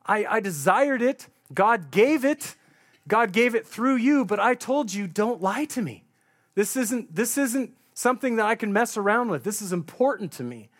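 A preacher putting on a grieving mother, desperate and pleading, voice lifted a bit higher, pressing her point insistently, as a man acts her out in a spoken sermon story. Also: expressive, normal speed, no room sound, clean studio sound.

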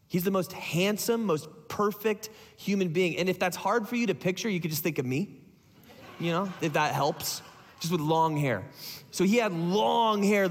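A pastor preaching a sermon, retelling a story in a casual, joking way. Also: male voice, on the high side, husky, in a large hall.

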